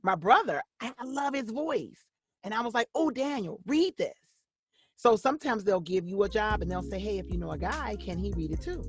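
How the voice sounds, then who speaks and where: A woman's voice: mid-range voice, brisk, slightly rough, no echo, faint music behind. A middle-aged woman, a voice-over actress and coach, talking animatedly in an interview. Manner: animated, acts out quoted voices. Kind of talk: interview conversation.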